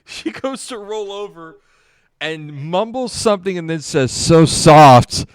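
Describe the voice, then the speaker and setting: A man co-hosting a podcast, telling a story slowly in casual chat, laughing often and swearing. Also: high-pitched, animated, clean tone, dry recording, studio quality. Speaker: podcast co-host.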